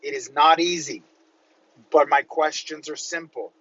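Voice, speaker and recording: A middle-aged man and real estate coach in a casual motivational monologue, rambling and conversational, often checking in with a quick "right?". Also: a little high, bright, forceful tone, highs cut off.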